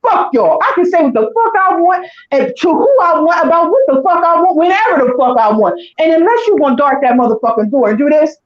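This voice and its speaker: A woman's voice: high-pitched, sing-song, brisk, few pauses. A woman co-hosting a casual chat, ranting heatedly and with heavy profanity. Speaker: co-host. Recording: echoey dull lo-fi room.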